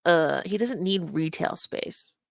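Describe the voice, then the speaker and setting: A woman's voice: on the low side, animated, slow, creaky, no echo, clean studio sound. A woman streamer giving sarcastic, pointed reaction commentary on a livestream.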